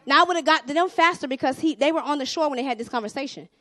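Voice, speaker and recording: Young woman preacher, Southern US accent, high voice, dry close sound, animated sermon delivery. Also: very fast, no room sound. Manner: animated, swings from hushed asides to loud exhortation.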